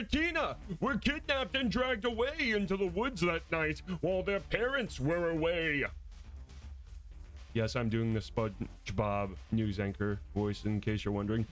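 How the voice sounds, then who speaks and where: Brief: cartoonish male news anchor put on by a man, overblown bouncy read, higher than his natural voice, very lively. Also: poor audio. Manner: exaggerated, bouncy newsreader delivery. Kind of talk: mock news reading while gaming.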